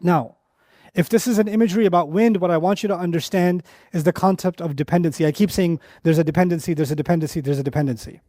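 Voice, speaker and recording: Male Quran teacher, middle-aged, lecture sermon; lifted pitch, story-driven and emphatic. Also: no echo, clean studio sound. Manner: animated storytelling with quick asides and repetitions.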